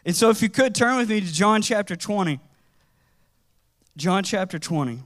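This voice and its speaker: A man preaching a sermon in a conversational, animated way, with casual slang as he tells stories. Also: high voice, normal speed.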